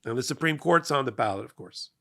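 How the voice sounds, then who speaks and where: Middle-aged male host, gravelly and bright-toned, emphatic and energetic political commentary. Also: mid-range voice, fast. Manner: emphatic, energetic, rising to loud peaks. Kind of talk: passionate political monologue.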